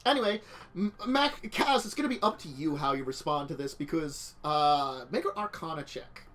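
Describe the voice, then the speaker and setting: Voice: mid-range voice, animated, normal speed, fairly bright tone. A game master narrating a tabletop game, laughing often and rambling loosely with fillers.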